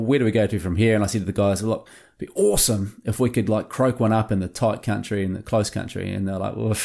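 Low-voiced New man telling stories. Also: creaky. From New Zealand. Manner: animated anecdotes with acted-out quotes. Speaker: hunting show producer and guest. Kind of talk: casual storytelling interview.

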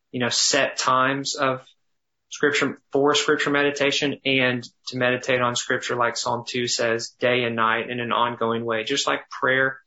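A man teaching thoughtfully in conversation, often pausing, restarting and slowing down to dwell on phrases. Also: medium pitch, pushed and bright, lo-fi sound. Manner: thoughtful, halting with restarts, slows to savor phrases. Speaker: guest teacher on biblical counseling.

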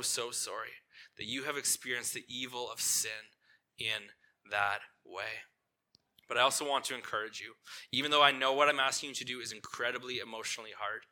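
A man's voice: medium pitch, sharp tone. A man preaching a sermon as lead pastor in a church. He talks conversationally, keeps asking the congregation questions and checking in with "right?", and turns tender and earnest on painful points.

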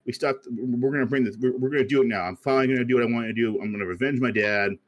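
A man's voice: mid-range voice, steady tone, very fast, no echo, highs cut off, close to an everyday voice. Man doing an earnest young pilot, offhand and rambling, barely acted. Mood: determined.

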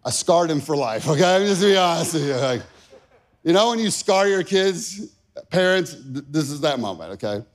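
Emotional preaching man, bright voice. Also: a little high, animated, moderate pace. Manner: emotional storytelling, rising to loud shouting at peaks. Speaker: pastor. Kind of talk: sermon with personal story.

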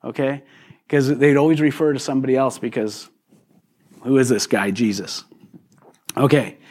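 A man's voice: medium pitch, steady tone, moderate pace, darkish tone. Conversational male pastor preaching. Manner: conversational, asks the congregation questions. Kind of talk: sermon.

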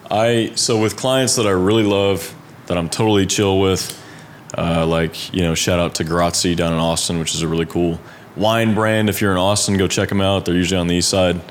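Low-voiced laid-back rambling man. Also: little pitch movement, normal speed, slight background noise. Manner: rambling, laid-back, many fillers and asides. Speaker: freelance designer guest. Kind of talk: casual podcast conversation.

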